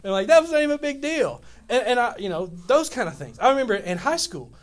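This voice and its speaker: A man in his fifties from Louisiana, preaching a sermon as pastor, telling stories in an animated, rambling way with many restarts. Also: very high voice, fairly quick.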